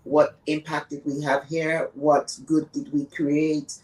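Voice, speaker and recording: A woman's voice: low voice, little pitch movement, takes it slowly, a little mellow, recorded from a distance, low-quality recording. A woman guest on a podcast, talking earnestly and emphatically about grief, repeating words for stress. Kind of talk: reflective conversation on grief.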